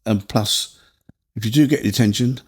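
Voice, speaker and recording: A man's voice: fairly low pitch, moderate pace, darkish tone, breathy edge. A middle-aged man with a Cockney accent, co-hosting a casual podcast with his son and answering in short, agreeable replies. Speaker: co-host, father.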